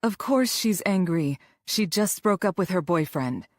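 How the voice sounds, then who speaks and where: Woman narrator doing a sassy wry female friend, lifted higher than her low voice, dry close sound. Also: a little slow, no echo. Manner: wry, lively.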